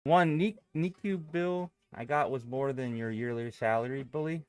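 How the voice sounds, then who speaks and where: A man's voice: medium pitch, normal speed, clean tone, no echo. A young adult man chatting casually and loosely on a live stream, swearing freely and reading out viewer comments. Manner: loose and profane, thinking aloud. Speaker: day trading streamer.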